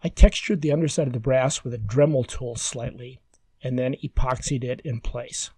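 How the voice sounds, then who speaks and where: Calm man narrating a woodworking tutorial. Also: mid-range voice, husky, no echo. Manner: calm, measured step-by-step explaining. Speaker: woodworking instructor. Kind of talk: scripted voice-over narration.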